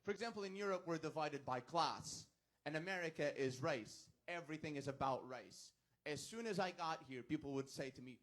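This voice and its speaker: A man's voice: a little high, brisk, fairly bright tone. A man from Portugal doing standup with a dry, hesitant, self-deprecating delivery. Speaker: standup comedian. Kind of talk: standup storytelling. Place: comedy club stage.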